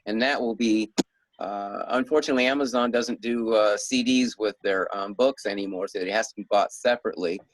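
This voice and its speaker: A man's voice: on the low side, fairly quick, dry recording, poor audio. A middle-aged man being interviewed as an author, rambling in a casual way with frequent chuckles and restarts. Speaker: guest author.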